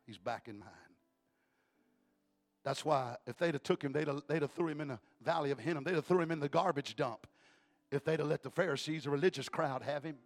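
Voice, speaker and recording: A male evangelist preaching in a church, telling a story emphatically and rising to shouts. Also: fairly high pitch, brisk. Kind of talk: storytelling sermon.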